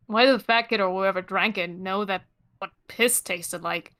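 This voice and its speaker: A woman reading a webcomic's chat lines aloud as a cocky teenage boy, flat and sardonic. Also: medium pitch, a little slow, close to an everyday voice.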